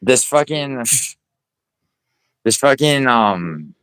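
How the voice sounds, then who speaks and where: A man's voice: medium pitch, lively intonation, drawn-out words, fairly bright tone, clear, resonant tone, dry recording, poor audio. A nasal-voiced American man whose Bronx accent is covered up, rambling in casual chat with lots of fillers and swearing. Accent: American with a hidden Bronx accent. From Sicily, raised in the Bronx.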